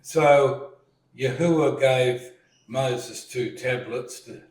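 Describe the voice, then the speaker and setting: A man leading a relaxed dining-table discussion, slowly retelling a story and acting out what people said. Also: mid-range voice, far from the mic. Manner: slow storytelling, retells scenes with acted lines. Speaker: discussion leader. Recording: echoey room, voice set back from the mic.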